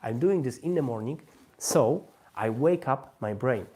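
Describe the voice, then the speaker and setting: A man's voice: medium pitch, expressive, a little slow, warm tone, slightly rough. Man talking through a live language tutorial. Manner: non-native English, many restarts, thinks aloud while demonstrating. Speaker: language-learning host.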